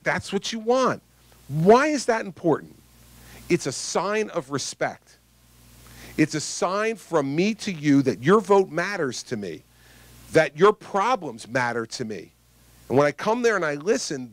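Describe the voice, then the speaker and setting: A male politician delivering a campaign stump speech, mixing anecdotes with punchy points. His voice sits a little higher than most men's, and the sound is close and dry with no room echo. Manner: conversational, emphatic storytelling. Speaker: politician addressing voters.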